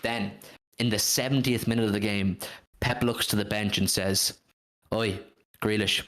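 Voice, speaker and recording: A man's voice: fairly low pitch, fairly even intonation, normal speed, fairly bright tone. A man hosting a casual football fan livestream, reading out viewers' comments and swearing now and then. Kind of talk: casual live-stream chat.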